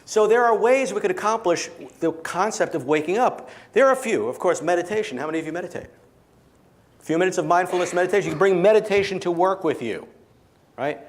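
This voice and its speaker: Expressive and fast-talking, a high-voiced man delivers a keynote with magic to a small audience. His storytelling is playful, and he steers the crowd through participation.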